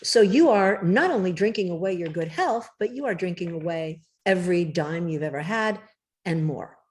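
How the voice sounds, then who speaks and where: A woman author talking emphatically and directly in a casual interview, with a slightly rough morning voice. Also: fairly low pitch, animated, moderate pace. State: morning voice, clearing throat. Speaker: cookbook author guest.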